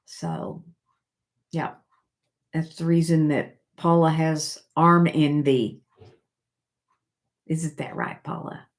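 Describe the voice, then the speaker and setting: An older woman hosting a casual live stream, chatting with viewers and reading their comments aloud in a halting way, with many fillers and restarts. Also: low-pitched, steady tone.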